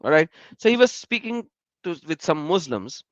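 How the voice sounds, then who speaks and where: A man with a voice on the high side hosts a casual live stream, talking a little fast. He tells stories animatedly, laughing and addressing viewers in the chat. The audio is poor but has no echo.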